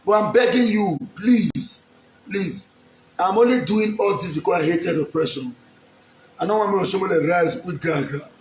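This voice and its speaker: A man's voice: high voice, normal speed, roomy sound, a little hiss or hum. A man from Edo State, Nigeria, with a Nigerian accent, making an emphatic, pleading public appeal straight to the camera and repeating his lines. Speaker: aspiring local politician.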